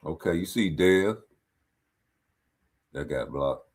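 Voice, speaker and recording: A man's voice: low-pitched, takes it slowly, slightly rough. A man giving a casual boxing fight breakdown, talking in blunt, profane street slang and calling out the action on screen. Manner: animated, talks back at the fighters on screen. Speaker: boxing commentator.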